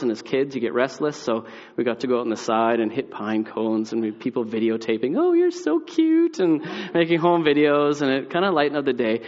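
Young man, preacher, animated storytelling, muffled sound, long hall reverb. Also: mid-range voice. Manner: animated storytelling, acts out voices, drops quiet for reflection. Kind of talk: sermon with a personal story.

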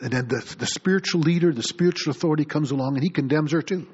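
A man's voice: fairly high pitch, quick pace, few pauses, slightly rough. A middle-aged man preaching a sermon as pastor, reading scripture aloud and acting out the people in it. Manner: animated preaching, reads scripture aloud, acts out voices. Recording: dull lo-fi recording.

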